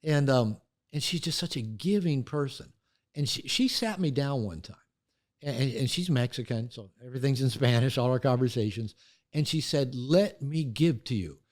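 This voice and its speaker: Telling stories with lively energy, this older author and therapist opens up in an interview and voices the people he quotes. He speaks in a mid-range voice at a moderate pace.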